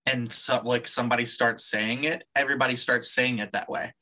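Bright-voiced man explaining things. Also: medium pitch, steady tone, brisk. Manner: explanatory, matter-of-fact. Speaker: podcast co-host. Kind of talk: casual chat.

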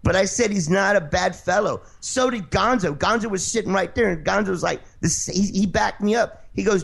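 Brisk and high-voiced with vocal fry, a man running a show battles a caller on air. He cuts in, curses, defends himself, and repeatedly demands the chance to finish his point.

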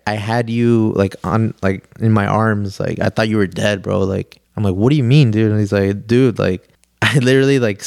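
A man's voice: fairly low pitch, vocal fry, darkish tone, no echo, studio quality. A young man, a podcast guest telling a long story in a laid-back, slangy way, full of "like" and "dude". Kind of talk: casual storytelling chat.

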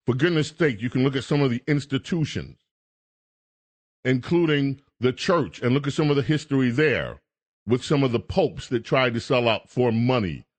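A man's voice: mid-range voice, expressive, normal speed. A man hosting a talk radio show, scolding and emphatic in a political commentary rant.

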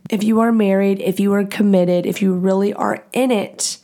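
A young woman hosts her podcast alone, handing out relationship advice in blunt, profane, casual talk. Her voice is mellow and warm, pitched mid-range for a woman. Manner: blunt and profane, fast and animated. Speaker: podcast host.

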